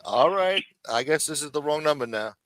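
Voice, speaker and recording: A man's voice: on the high side, lively intonation, brisk, a bit bright, no echo. A man joining a livestream chat as a guest, talking in blunt, profane banter. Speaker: stream guest. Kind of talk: casual chat. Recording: noisy line.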